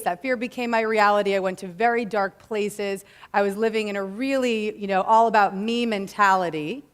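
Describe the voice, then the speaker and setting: A woman in her thirties speaks to a live audience with earnest, preachy conviction. Her voice sits in a middle pitch, and she slides easily between casual slang and spiritual phrasing. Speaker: motivational speaker. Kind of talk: inspirational talk to a live audience.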